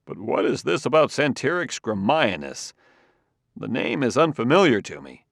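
A man's voice: medium pitch, very animated, normal speed, creaky, fairly bright tone, dry recording, voice pushed up, full character voice. Man voicing a polite older scientist, formal, apologetic, altered timbre, dry sound.

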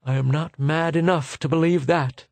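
A man's voice: on the high side, steady tone, moderate pace, darkish tone, no echo, voice pushed up, natural voice. A man reading aloud, voicing a weak, half-paralyzed physicist who speaks wistfully.

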